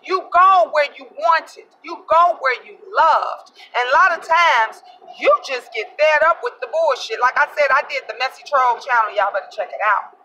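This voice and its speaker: A woman with a high voice vents to her viewers in a blunt, cursing, emphatic way. She sits back from the mic inside a car. Loud vehicle noise runs under her voice. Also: lively intonation, normal speed, distant mic, rough recording. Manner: blunt, profane, emphatic, addresses viewers directly. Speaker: vlogger. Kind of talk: casual storytelling to camera.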